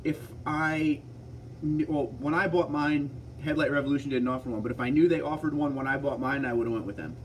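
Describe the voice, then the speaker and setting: A man hosting a casual livestream, answering viewer comments in a relaxed, chatty way. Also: a little high, fairly quick, distant mic, a little hiss or hum. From Pennsylvania. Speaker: livestream host reading chat. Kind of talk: casual live chat.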